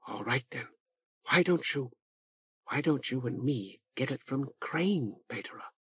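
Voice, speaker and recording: A man's voice: mid-range voice, lively intonation, a little slow, husky, no echo. A man voicing a streetwise young woman who talks in a casual, confiding, slangy way. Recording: dull dry tape transfer.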